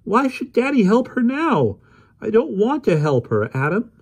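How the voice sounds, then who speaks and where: An anguished teenage girl cries out and pleads in a high, strained voice, as a male reader puts her on. She is passionate and insistent, with a husky edge to the sound. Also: huge pitch swings, measured pace, exaggerated voice. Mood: indignant.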